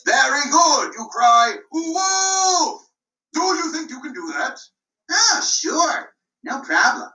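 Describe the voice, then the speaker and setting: A woman's voice: high-pitched, very animated, takes it slowly, pitched above the performer's own voice, full character voice. Woman doing a pompous village constable. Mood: bossy. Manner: loud, self-important proclamations. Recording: roomy, mic at a distance.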